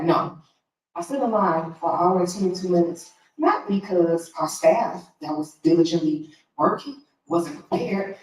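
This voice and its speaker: Emotional fired-up woman trustee talking at a board meeting, heard from far off in a big echoey room. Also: fairly high pitch. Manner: impassioned, frustrated, direct.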